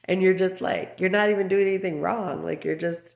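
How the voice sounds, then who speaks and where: Woman, 30s, low voice, agitated rambling vlog rant, echoey room. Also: fairly even intonation, brisk, creaky, narrow, tinny audio. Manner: agitated, rambling storytelling full of fillers. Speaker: mother speaking out about her children. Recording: roomy echo.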